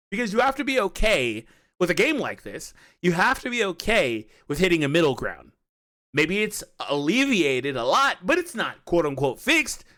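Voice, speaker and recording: A man giving animated opinion commentary on a mobile game, arguing his point with many repeats and asides. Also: on the high side. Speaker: gaming youtuber.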